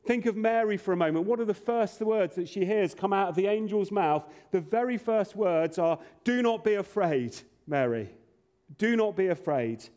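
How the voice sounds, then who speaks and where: A man's voice: high voice, warm tone. A man preaching a sermon as pastor, earnest with playful asides.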